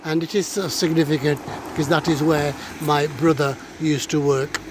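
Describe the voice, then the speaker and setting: A man's voice: on the high side, flat delivery, moderate pace. A middle-aged man, out of breath, giving a hesitant, filler-heavy walking tour of local streets while talking to his viewers. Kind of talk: casual walking commentary. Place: outdoors on town streets. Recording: faint street and traffic noise.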